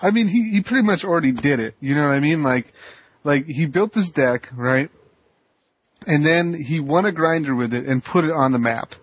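A man co-hosting a podcast, telling a rambling, animated anecdote full of restarts. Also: a little high, normal speed, no room sound. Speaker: podcast co-host. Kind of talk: casual chat, storytelling. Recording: muffled lo-fi podcast audio.

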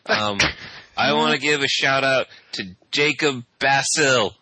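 A man's voice: medium pitch, measured pace, noisy background. A man co-hosting a card game podcast, chatting casually in a joking, rambling way. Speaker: podcast co-host. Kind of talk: casual chat.

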